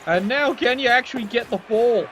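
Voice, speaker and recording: A man's voice: extremely high pitch, normal speed, heavy background noise. Wry man commenting on a game. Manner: wry, jokey, swears freely. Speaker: video game match commentator. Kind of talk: casual play-by-play commentary.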